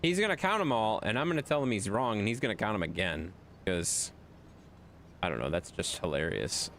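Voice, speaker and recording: A man's voice: on the low side, big pitch swings, fairly quick, fairly bright tone, slight background noise. A male gaming streamer in casual live-stream chat, telling a rambling story and talking to his viewers.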